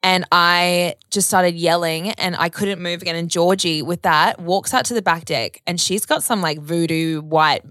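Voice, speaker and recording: A woman's voice: on the low side, moderate pace, few pauses, fairly bright tone, dry recording. A woman, telling a long story in casual chat, rambling with lots of "like" and casual swearing.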